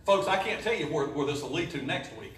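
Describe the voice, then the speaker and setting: A pastor, preaching a folksy, joking sermon in a church. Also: male voice, a little high, animated, brisk. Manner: folksy, joking preaching with sudden loud rises. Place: church sanctuary. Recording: echoey church, voice from a distance.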